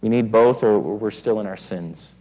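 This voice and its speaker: A man's voice: on the low side, moderate pace, a little mellow, low-quality recording. A man preaching an expository sermon in an earnest way, often repeating words as he restarts phrases. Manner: earnest, frequent word repetitions and restarts. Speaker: pastor.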